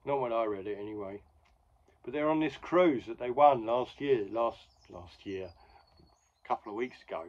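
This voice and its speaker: A man's voice: mid-range voice, normal speed. Rambling man, dull lo-fi sound. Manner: rambling, chatty, wry asides. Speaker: podcast host. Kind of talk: casual comic-book recap.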